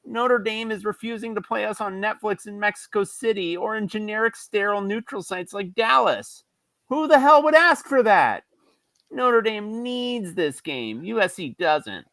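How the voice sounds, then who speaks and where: Brief: whiny male fan ranting, pitched high and complaining, put on by a podcast host. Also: a bit bright, dry recording. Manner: whiny, exasperated rant.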